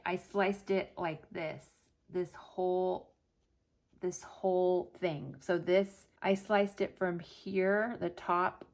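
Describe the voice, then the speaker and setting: A woman with a slightly low voice tells a winding personal story to camera. She talks casually and acts out what each person said. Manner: animated, retells with quoted dialogue. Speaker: planner vlogger. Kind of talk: chatty storytelling vlog.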